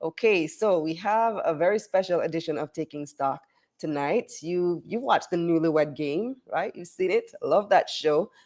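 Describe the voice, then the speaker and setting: A woman's voice: on the low side, moderate pace, darkish tone. A woman hosting a live finance TV show, chatty and upbeat as she talks straight to the viewers. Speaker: show host and financial journalist.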